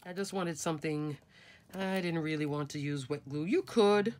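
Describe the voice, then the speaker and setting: A woman's voice: sits low, moderate pace, a little mellow. A middle-aged woman, nasal from a cold, chatting her way through a step-by-step craft tutorial at her desk and talking to viewers as folks and crafters.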